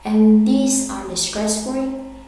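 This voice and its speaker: A woman teaching an English lesson, slow and deliberate, repeating words for her learners. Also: mid-range voice, vocal fry, warm tone, soft background music. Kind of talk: language lesson. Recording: echoey hall with faint hum.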